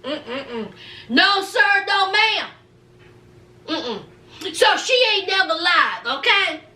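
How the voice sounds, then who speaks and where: A woman's voice: very high voice, very animated, very slow, pushed and bright, echoey room. A woman doing a sassy casual recap of a reality show, drawling and calling her listeners honey and child. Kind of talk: animated casual recap with acted quotes.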